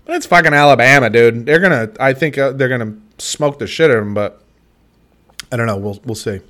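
Man, casual sports chat, relaxed, rambling, hedging, podcast co-host. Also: medium pitch, fairly quick.

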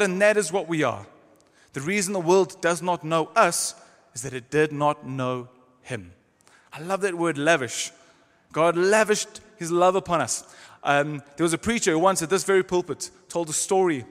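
Man, pastor, emphatic sermon, high voice, long church reverb. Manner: emphatic, varies pace and volume for stress.

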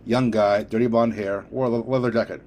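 A shaken street crook, read by a male narrator, nervous and a bit stammering, slightly higher and louder than the reader's own low voice. The reading is plain, with a faint noise floor. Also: fairly even intonation, fairly quick, close to an everyday voice.

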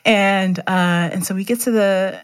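A woman's voice: medium pitch, steady tone, unhurried, clear, resonant tone. A middle-aged woman, a teacher and runner, candidly telling a personal story in conversation and laughing often.

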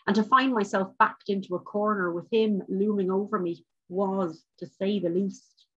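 A woman reading her short story aloud at a book launch, in a measured, wry manner, on a dull, muffled recording. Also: medium pitch, husky. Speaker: author reading.

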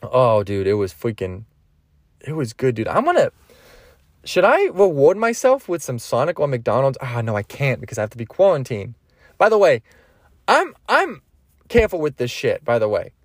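A young man hosting a solo podcast, rambling excitably and swearing freely as he tells a story from a parked van. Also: medium pitch, moderate pace, dry recording, studio quality. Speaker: podcast host.

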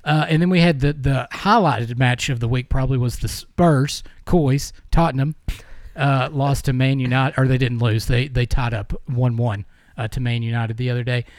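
A man co-hosting a casual sports podcast, talking at an ordinary pitch. He jokes, rambles and laughs often between points. The sound is dry and close, with no room echo. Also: fairly even intonation, moderate pace, darkish tone. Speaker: podcast co-host.

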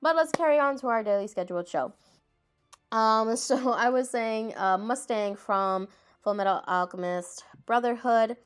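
A woman's voice: mid-range voice, unhurried, clean tone, soft background music. A woman chatting casually about anime, rambling, laughing and often stopping to correct herself. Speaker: anime vlogger. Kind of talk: casual chat.

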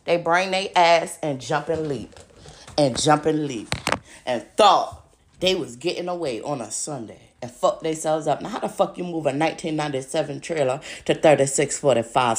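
A woman with a low voice, heard over slight background noise, hosts a podcast where she rants in anger. Her monologue is full of swearing, and she ridicules her opponents, repeating insults over and over.

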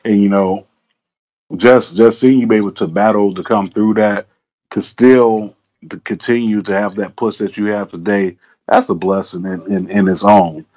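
A man's voice: lowish voice, fairly even intonation, normal speed, a little mellow. A man hosting a casual interview, rambling and repeating himself with lots of fillers. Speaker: interviewer, host. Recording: dull lo-fi audio.

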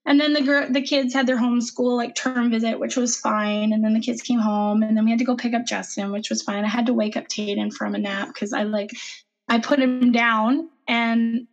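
A woman in her thirties, a podcast co-host, telling a hectic family story in casual chat with lively acted-out quotes. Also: a little high, normal speed, highs cut off. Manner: animated, breathless retelling with acted-out quotes.

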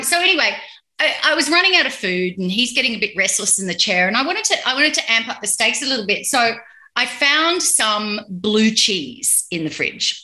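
A woman's voice: fairly high pitch, pushed and bright, low-quality recording. A woman hosting a podcast, telling stories animatedly in casual chat and swearing freely. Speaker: podcast host. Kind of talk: casual chat over drinks.

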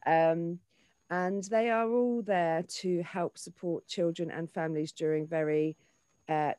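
A woman in her forties talks in an animated, searching way, often doubling back mid-sentence. Her voice sits fairly low. The recording is dry and close, with no room sound. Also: measured pace, clean tone, no room sound. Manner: animated, with frequent restarts and fillers. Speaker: actor and children's author. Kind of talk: casual interview talk.

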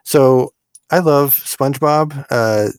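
A man's voice: mid-range voice, takes it slowly, clear, resonant tone, no room sound, clean studio sound. A middle-aged man co-hosting a casual chat, telling odd history footnotes and laughing often. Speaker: podcast co-host.

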